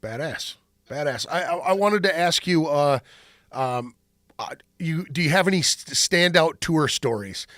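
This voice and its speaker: A man hosting a podcast, asking halting, casual questions full of fillers. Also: fairly high pitch, animated, fairly bright tone, no room sound, studio quality. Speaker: podcast host. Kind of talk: casual interview chat.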